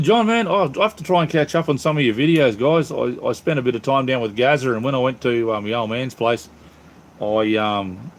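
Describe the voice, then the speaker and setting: An Australian man hosting a casual live stream from home, rambling cheerfully and calling his viewers mate and brother. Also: medium pitch. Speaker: channel host reading live chat.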